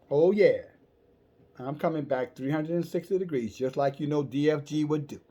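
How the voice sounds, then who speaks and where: A man's voice: on the high side, darkish tone. A man preaching in a confrontational, profane, slangy rant, scolding his listeners. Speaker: online preacher.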